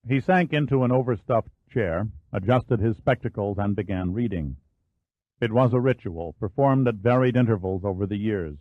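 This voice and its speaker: Low-voiced male audiobook narrator. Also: normal speed, dry recording. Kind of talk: scripted narration. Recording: dry, phone-like narrow band.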